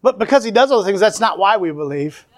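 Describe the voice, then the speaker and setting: High-voiced fervent male preacher. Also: expressive, fast. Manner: fervent, calls out amen and praise the Lord to the congregation. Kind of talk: sermon.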